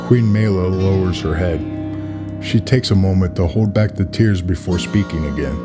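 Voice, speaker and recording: A man narrating a scripted story in a measured, even way, with music behind. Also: low voice.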